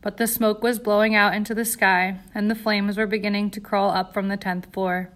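A woman narrating an audiobook in a steady, dramatic storytelling voice. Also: medium pitch, moderate pace.

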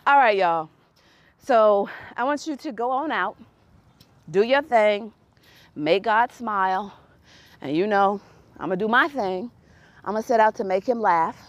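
A woman hosting her own podcast, telling a casual story in an animated way, laughing and reenacting dialogue with growing exasperation. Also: medium pitch. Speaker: podcast host.

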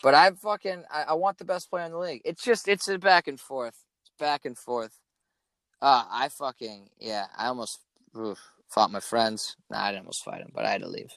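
A man's voice: mid-range voice, moderate pace, creaky, no room sound. Young man swearing through a story. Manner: swears a lot, animated storytelling. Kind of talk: casual chat.

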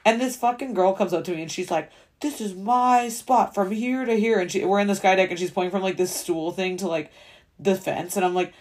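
A woman's voice: lowish voice, a little mellow. A woman in her twenties hosting a solo podcast, rambling casually with lots of fillers and swearing. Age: 20s. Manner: rambling, filler-heavy valley-girl talk with frequent swearing; fast, chatty storytelling. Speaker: podcast host.

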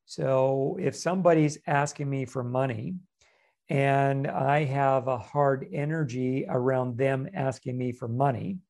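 A man hosting a podcast, answering a listener's question with calm, measured advice. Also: mid-range voice, creaky. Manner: calm, measured, reflective explaining. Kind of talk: casual podcast advice talk.

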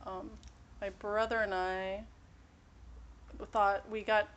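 A woman's voice: mid-range voice, flat delivery, slow pace, dull audio, noisy background. A woman in casual chat, easygoing and giggly, who makes dry little quips.

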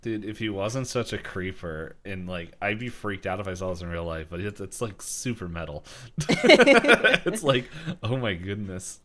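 A man's voice: sits low, fairly even intonation, moderate pace, hardly any pauses. A man co-hosting a podcast, rambling and laughing as he searches for words to describe a scene. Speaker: podcast co-host. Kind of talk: casual episode recap chat.

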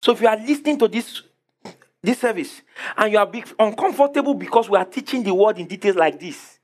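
Male preacher, high and very animated, emphatic, fires rhetorical questions at the congregation. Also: brisk. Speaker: pastor. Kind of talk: sermon.

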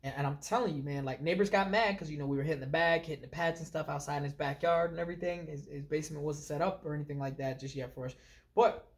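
Animated storytelling man, a bit high. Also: quick pace. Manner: animated, storytelling, filler-heavy. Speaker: podcast co-host. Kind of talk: casual chat.

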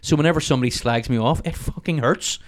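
A man in his thirties with a Northern Irish accent, chatting as a podcast guest, animated and swearing freely. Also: medium pitch. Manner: swears freely, animated storytelling, rapid talk. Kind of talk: casual interview chat.

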